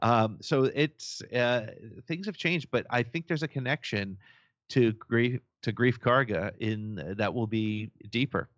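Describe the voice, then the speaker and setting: A man hosting a podcast, talking thoughtfully with halting starts. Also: mid-range voice, a bit bright, no echo, muffled recording. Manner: thoughtful, halting, with many fillers. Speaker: podcast host. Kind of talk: casual chat.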